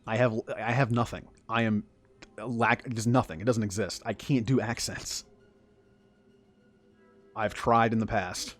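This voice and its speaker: A man's voice: fairly low pitch, steady tone, a little slow, pauses often, faint music behind. A man from the southern United States giving casual gameplay commentary, chatty and rambling, laughing often. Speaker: gaming streamer.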